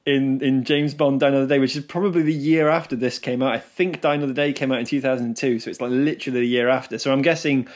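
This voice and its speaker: A man's voice: mid-range voice, steady tone, fast talker, hardly any pauses. A man co-hosting a podcast, talking casually and laughing often as he goes. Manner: chatty, laughs often, talks over his co-host. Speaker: podcast co-host. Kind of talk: casual chat.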